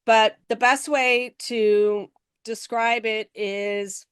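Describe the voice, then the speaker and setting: A woman guest on a podcast interview, telling stories in an animated way and acting out the people she quotes, speaking from her office. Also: on the high side, very slow, clean tone, no room sound, studio quality. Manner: animated storytelling, acts out quoted voices.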